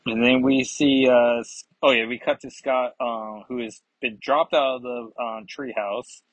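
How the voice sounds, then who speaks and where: A man reviewing a comic casually, reading aloud with halting fillers and asides. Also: medium pitch, steady tone, dry recording, rough recording.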